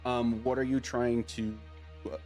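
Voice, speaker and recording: A man narrating a tabletop game as game master, loud and excitable, often breaking into laughter. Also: mid-range voice, a little slow, soft background music.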